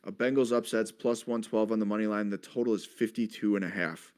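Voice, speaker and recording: A man's voice: on the low side, steady tone, fairly quick, darkish tone. A man hosting a casual sports betting chat, leading the talk and reeling off statistics. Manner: leads the segment, reels off stats. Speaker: host.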